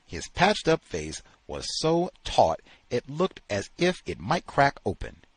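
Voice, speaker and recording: A man hosting a study session, reading a novel aloud in an expressive, dramatic storytelling manner. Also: medium pitch, unhurried, husky, no echo.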